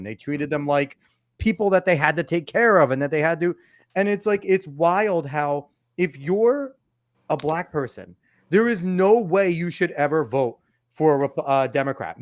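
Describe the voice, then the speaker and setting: A man hosting a casual podcast interview, who talks in a jokey, excitable, rambling way and uses many "like"s. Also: on the high side, no room sound. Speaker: podcast host.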